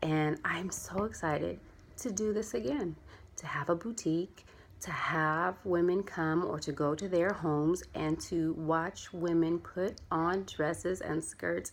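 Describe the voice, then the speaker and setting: A woman's voice: fairly low pitch, slow, a little hiss or hum. A chatty, earnest young adult woman talking casually in a heartfelt vlog, rambling a little as she explains why she sells clothing. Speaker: vlogger and clothing seller.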